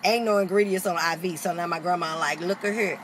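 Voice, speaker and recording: Over some background noise, a brisk woman with a lowish voice tells the camera a casual story, cursing freely. She's animated and performs the voices of the people she quotes.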